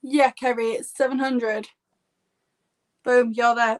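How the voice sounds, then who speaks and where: A woman's voice: on the high side, flat delivery, takes it slowly. A woman with a Yorkshire accent in her thirties, a makeup artist chatting casually on a live stream in a rambling way with lots of "like". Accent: Yorkshire English. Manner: chatty and rambling, heavy use of "like".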